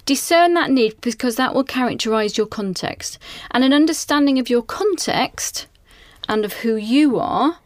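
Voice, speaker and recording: A woman's voice: high voice, animated, moderate pace, no room sound. A woman giving earnest, reflective advice to school leaders, often asking rhetorical questions. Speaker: national director of school inspections. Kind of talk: advisory conversation.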